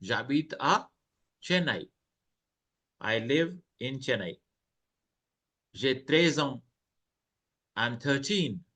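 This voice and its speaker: Slow-talking man teaching French. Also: mid-range voice, animated, bright, forceful tone, breathy edge. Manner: slow, explains each French phrase in English, lifts voice when reading dialogues. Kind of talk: online French lesson, reading and translating dialogues.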